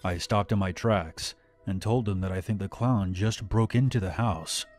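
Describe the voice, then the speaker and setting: A man reads a scripted horror story aloud in a steady, measured voice. His voice sits on the low side. Faint music plays underneath. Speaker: narrator.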